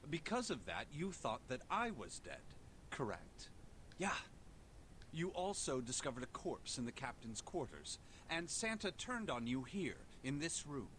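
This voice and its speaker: A poised young gentleman in a video game. He speaks formally and politely, with a lively, rising and falling pitch. A faint low rumble sits beneath him. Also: unhurried. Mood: calm.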